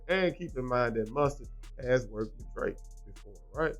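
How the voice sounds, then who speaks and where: A man's voice: medium pitch, animated, normal speed, soft background music. A man hosting a reaction commentary show, explaining clips and asking the viewer rhetorical questions.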